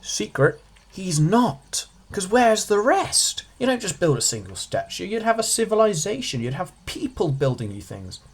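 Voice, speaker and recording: A man's voice: fairly high pitch, big pitch swings, normal speed, slightly rough. A man giving a casual revision lesson as a tutor, chatty, with jokey asides, stressing single words.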